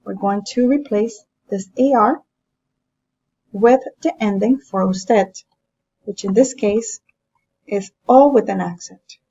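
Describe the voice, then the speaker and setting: A woman teacher explains grammar at an unhurried, deliberate pace. Her voice sits at a middling pitch and comes through a somewhat dull, lo-fi recording. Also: warm tone, husky. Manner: slow, patient explaining. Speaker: Spanish teacher. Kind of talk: classroom lesson narration.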